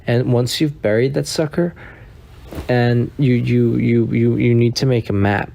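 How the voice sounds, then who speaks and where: A man giving a deadpan, absurd comedic monologue, halting often with repeated words and restarts. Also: mid-range voice, gravelly, a little hiss or hum.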